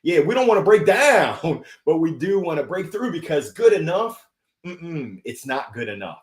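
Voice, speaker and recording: Energetic motivational man, echoey room. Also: a little high, moderate pace. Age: 40s. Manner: energetic, hype, lively call-outs. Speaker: motivational speaker, host. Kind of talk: upbeat motivational livestream. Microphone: livestream setup.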